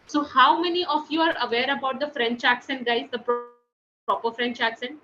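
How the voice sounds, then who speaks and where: A woman's voice: high voice, steady tone, normal speed, highs cut off, music in the background. A woman teaching a French class online in a chatty way, often calling the students guys, heard over a computer mic on a video call. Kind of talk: online language webinar.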